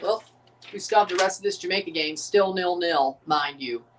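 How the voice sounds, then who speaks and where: A man's voice: high-pitched, moderate pace, fairly bright tone, far from the mic, slight background noise. A man hosting a live sports watchalong, ranting profanely and repeating himself. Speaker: livestream watchalong host. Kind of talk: live sports reaction rant. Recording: voice a bit off the mic.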